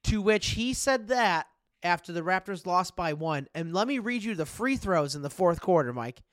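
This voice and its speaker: A man's voice: high voice, expressive, normal speed, a bit bright, no room sound, studio quality. A young man co-hosting a podcast, talking sports casually, laughing often and swearing freely. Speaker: podcast co-host.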